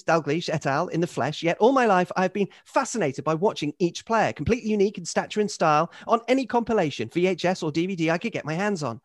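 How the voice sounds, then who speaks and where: A man's voice: high voice, no echo. A man hosting a podcast, reading a long listener email aloud in a dry, wry way. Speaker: podcast host.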